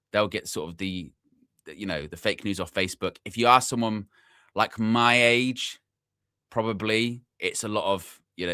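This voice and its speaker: A young man talks loosely on a football live stream, drifting between asides and repeating himself as he thinks aloud. His voice sits fairly low but comes across bright and forceful, close on a dry mic with no room around it. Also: dry recording. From England. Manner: rambling, repeats himself, chatty asides to the chat. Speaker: football channel host. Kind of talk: casual live-stream chat.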